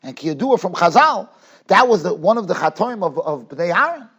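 Husky high-voiced rabbi telling a story. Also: male voice, moderate pace. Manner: animated, acts out dialogue, stretches words for emphasis. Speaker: rabbi giving a Torah class. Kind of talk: Torah class storytelling. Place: yeshiva study hall.

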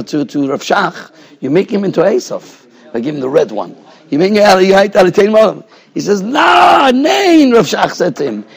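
A man's voice: high-pitched, vocal fry, darkish tone, slightly rough. A man, a rabbi giving a Torah class in a yeshiva, explaining points in a discursive way and often checking in with "right?". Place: yeshiva study hall.

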